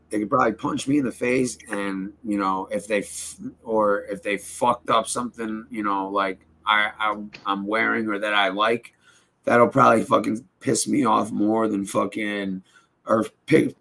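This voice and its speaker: A man's voice: on the low side, steady tone, unhurried, vocal fry, bright, forceful tone. A young man in casual podcast chat, telling a rambling, profane story and often checking in with "right?".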